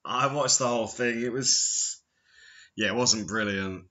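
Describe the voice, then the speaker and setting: A man's voice: mid-range voice, unhurried, sharp tone, lo-fi sound. A man hosting a casual chat, telling stories and dropping into silly impressions. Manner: chatty, storytelling with silly impressions.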